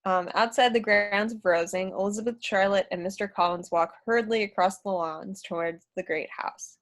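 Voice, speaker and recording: A woman's voice: medium pitch, moderate pace. A woman narrating stage directions in a script reading, a bit hesitant. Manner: hesitant, with fillers.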